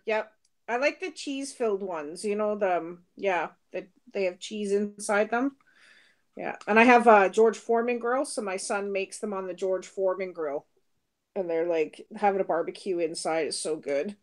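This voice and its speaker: A woman's voice: medium pitch, unhurried. A middle-aged British-born woman without the accent, co-hosting a casual live stream, chatting and laughing as she answers viewer comments. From Britain. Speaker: co-host reading viewer comments.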